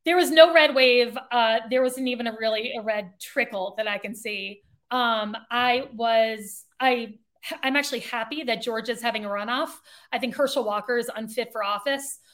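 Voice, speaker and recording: Woman podcast co-host, opinionated and sarcastic, somewhat high voice. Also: moderate pace, fairly bright tone. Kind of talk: casual political chat.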